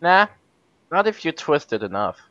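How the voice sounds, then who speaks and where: A man's voice: fairly high pitch, sing-song, moderate pace, bright, forceful tone, dry recording, muffled recording. A young man joking and teasing his friend in a casual chat over a voice call, laughing often. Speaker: co-host chatting on a voice call. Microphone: computer mic on a voice call.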